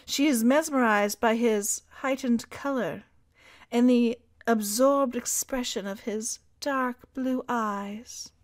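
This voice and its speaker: A woman's voice: fairly high pitch, no room sound, clean studio sound. Wry woman podcast co-host. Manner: wry, joking asides. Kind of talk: history podcast chat and reading.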